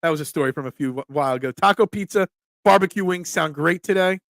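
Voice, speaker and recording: A man with a high, gravelly voice hosts a sports talk show. He tells stories in a casual, animated way and leans hard on his points. The sound is close and dry, with no room echo. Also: fast. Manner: animated, emphatic storytelling.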